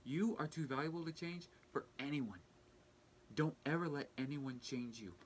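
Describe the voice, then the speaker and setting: A young man talking earnestly in a personal vlog, halting and restarting as he fights back tears. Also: on the high side, slight background noise. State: tearful, fighting back crying. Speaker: vlogger.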